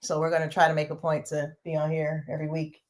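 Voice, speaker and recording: A woman's voice: deep voice, completely flat delivery, quick pace. A woman hosting a casual livestream from a small home studio, talking loosely and chatting to her viewers. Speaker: host.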